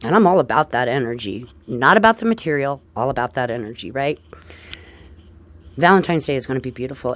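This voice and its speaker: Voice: medium pitch, expressive, a little fast. An astrologer giving a casual forecast to viewers, chatty and upbeat, often tagging on "right?" and calling listeners dear friends.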